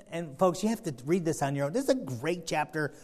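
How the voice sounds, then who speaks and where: A man's voice: on the high side, lively intonation, a little fast, darkish tone. A man preaching a sermon, retelling a story in a folksy, rambling way. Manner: folksy, storytelling, many fillers and restarts.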